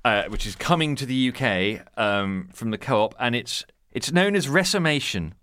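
Dry wry Englishman, lively pitch. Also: normal speed, few pauses, smooth, dry recording. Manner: dry, hesitant with ums, wry asides. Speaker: political sketchwriter guest. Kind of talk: casual chat, reading news aloud.

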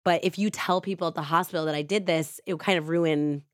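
A young husband who has just turned violent now pleads his case, apologetic and anxious, voiced by a woman retelling the story. The voice is low and quiet, close to the mic in a dry space. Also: steady tone, fast talker, no room sound, natural voice. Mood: pleading. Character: abusive young husband, angry then pleading.

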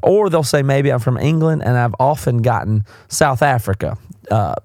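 Man, Southern US accent, podcast host, casual rambling commentary, mid pitch, dry close sound. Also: lively intonation, normal speed, a little mellow, no echo. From South Carolina, US. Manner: rambling, candid, self-correcting. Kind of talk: casual commentary answering listener questions.

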